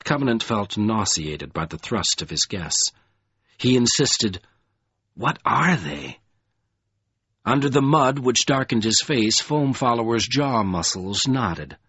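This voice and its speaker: A man narrates a fantasy audiobook with a husky voice and a lively, rising and falling reading. The recording is dry and a little dull, as if made close up in a small home setup. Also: medium pitch, measured pace, dry recording. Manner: expressive, dramatic reading.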